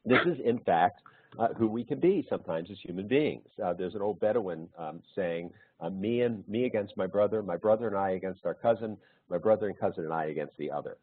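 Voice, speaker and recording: Low husky man on a tinny line. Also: fairly quick, no room sound. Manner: anecdotal, storytelling. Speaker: author and webinar presenter. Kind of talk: conversational webinar talk. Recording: narrow phone-like webinar audio.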